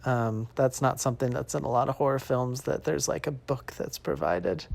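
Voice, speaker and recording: A co-host in a casual movie chat, thoughtful and hesitant, trailing off softly. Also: medium pitch, normal speed, vocal fry.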